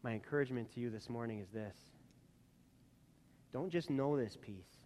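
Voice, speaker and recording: A man preaching a sermon as a pastor, earnest, climbing to emphatic peaks and then dropping soft. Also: on the high side.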